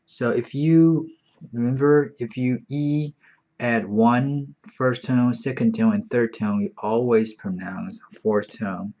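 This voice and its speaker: A man's voice: medium pitch, steady tone, mellow, lo-fi sound. A man teaching an online beginner Chinese lesson, patient and repetitive, saying each word several times. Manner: slow, patient, repeats words often.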